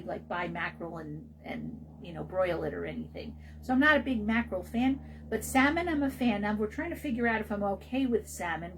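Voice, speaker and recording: A woman's voice: mid-range voice, slight background noise, rough recording. A woman hosting a health radio show, talking casually about naturopathic care in a chatty, rambling way with many fillers and restarts.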